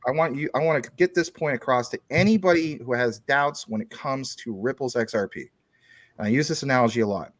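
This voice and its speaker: A man's voice: medium pitch, fairly quick, no echo, clean studio sound. A man talking as a guest on a casual chat show, explaining things at length through long everyday analogies.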